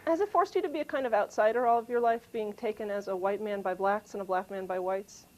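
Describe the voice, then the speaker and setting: A woman interviewer puts pointed questions to her guest in a direct, engaged way. Her voice sits at a middle pitch, and she speaks plainly and steadily. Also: fast, darkish tone, low-quality recording. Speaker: arts show interviewer.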